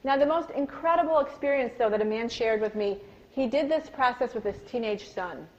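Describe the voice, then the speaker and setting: A woman giving a live parenting workshop talk to an audience, telling stories with animated, acted-out quotes. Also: a little high, brisk, dull audio. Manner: animated storytelling, acts out quoted voices.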